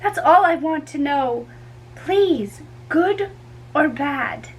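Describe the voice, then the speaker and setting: A woman's voice: high voice, expressive, slow, a little hiss or hum, rough recording. A woman reading a play aloud, voicing an impatient young girl in love who presses and pleads for news. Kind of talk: dramatic reading.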